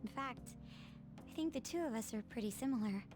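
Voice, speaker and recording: A woman's voice: a little high, lightly acted. A woman voicing a stern, remorseful young student council president. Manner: formal, measured apology. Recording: game audio with background music.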